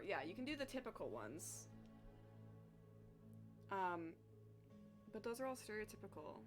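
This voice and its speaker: A young woman chats with her stream audience as she works on a drawing. Her voice sits at an ordinary middle pitch, loose and talkative, with self-mocking asides and casual swearing. Faint music plays underneath. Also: sing-song, normal speed, pauses often. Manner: chatty, self-deprecating, swears freely. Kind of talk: casual livestream chat while reading chat.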